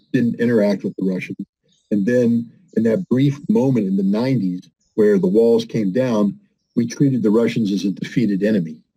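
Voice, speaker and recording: A man's voice: fairly low pitch, warm tone, breathy edge, low-quality recording. An older man giving emphatic, argumentative commentary as a guest in a conversation. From United States. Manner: emphatic, argumentative, acts out quoted voices.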